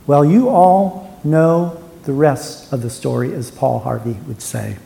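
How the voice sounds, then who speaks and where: A pastor preaching to a congregation, retelling a Bible story in the first person and building to shouted praise. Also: mid-range voice, unhurried, gravelly, hardly any pauses. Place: church before a congregation. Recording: echoey church hall.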